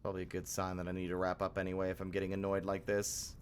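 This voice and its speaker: A man's voice: low voice, completely flat delivery, rapid-fire, slight background noise. A young man live-streaming a game, talking casually and frankly, grumbling and swearing freely.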